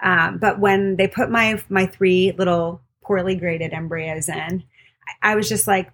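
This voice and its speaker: A woman's voice: lowish voice, fairly even intonation, a little slow, a bit bright. A woman midwife and podcast co-host candidly telling a personal story in casual conversation. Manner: candid, storytelling with quoted voices.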